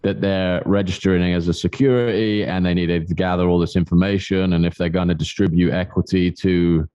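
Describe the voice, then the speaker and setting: A man co-hosting a podcast, laying out a measured, speculative analysis in casual chat. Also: deep voice, fairly even intonation, warm tone, clean tone, highs cut off. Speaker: podcast co-host.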